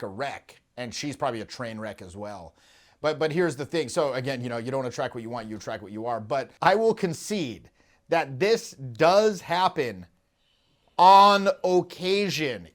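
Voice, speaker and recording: A man, a dating coach, giving casual, emphatic commentary on a TV scene and often repeating himself. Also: mid-range voice.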